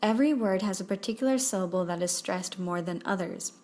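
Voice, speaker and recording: A woman's voice: mid-range voice, a little mellow. Woman reading a poetry lesson. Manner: reads poetry examples aloud slowly. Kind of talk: scripted educational narration.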